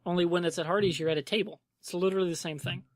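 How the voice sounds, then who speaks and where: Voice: medium pitch, fairly even intonation, very fast, no echo. Podcast co-host, blunt, complaining, casual swearing, dry close sound. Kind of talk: casual chat.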